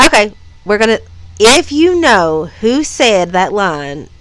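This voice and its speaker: A woman from Kentucky co-hosts a laid-back podcast, tossing in quick, playful asides. Her voice is smooth and clear, recorded dry and close with no room sound. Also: medium pitch, very animated, a bit bright, no echo. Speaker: podcast co-host. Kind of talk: casual chat.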